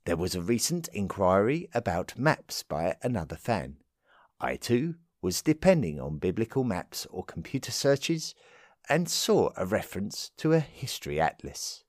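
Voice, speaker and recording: A man's voice: on the low side, very animated, moderate pace, no room sound, clean studio sound. A man reading out a fan letter in a put-on voice as a grateful Australian woman listener. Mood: fond.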